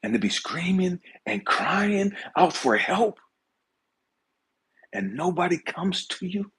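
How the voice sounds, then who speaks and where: A man giving an impassioned spiritual talk, swinging between hushed whispers and shouted pleas. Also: high voice, sing-song, slow, breathy edge. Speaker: spiritual speaker. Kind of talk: impassioned motivational preaching.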